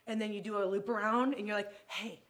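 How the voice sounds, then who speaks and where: Brief: a woman guest, a salon owner, heartfelt and rambling, mid-pitched everyday voice. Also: fairly even intonation, fairly quick, fairly bright tone. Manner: emotional, rambling, many restarts. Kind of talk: casual interview chat.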